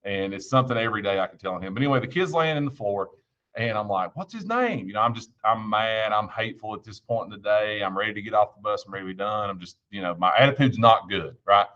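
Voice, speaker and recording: A man's voice: lowish voice, quick pace, pushed and bright, lo-fi sound. A man giving an informal devotional talk, telling stories in a folksy, earnest way with frequent restarts. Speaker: church devotion speaker and school bus driver.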